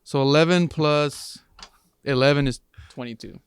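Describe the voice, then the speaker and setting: A man's voice: medium pitch, normal speed, smooth. A man playing a tabletop game, playful and laughing, thinking aloud over his rolls. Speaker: player. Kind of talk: casual chat at a tabletop game.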